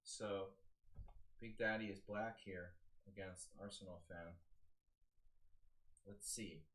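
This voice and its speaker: A man's voice: deep voice, fairly even intonation, takes it slowly, fairly bright tone. A man analyzing a chess game on a live stream, talking casually and thinking aloud with lots of fillers and restarts.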